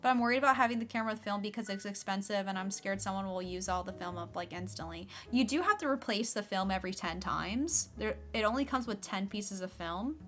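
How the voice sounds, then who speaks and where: A woman's voice: mid-range voice, fast, few pauses, fairly bright tone, faint music behind. A young adult woman streaming a game, chatting casually and filling her speech with "like". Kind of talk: casual chat while playing a game.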